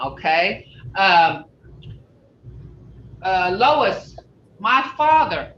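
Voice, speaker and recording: Patient teacher on a roomy video call. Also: female voice, medium pitch, very animated, slow, long pauses, fairly bright tone, slight background noise. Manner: patient, drills students one by one. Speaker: language teacher. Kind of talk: online language class. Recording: roomy, distant, dull video call audio.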